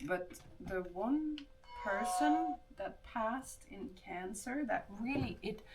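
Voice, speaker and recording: A woman's voice: on the high side, lively intonation, slow pace, music in the background. A woman livestreamer chatting casually with viewers, rambling and answering chat while she does her hair. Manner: rambling, with restarts.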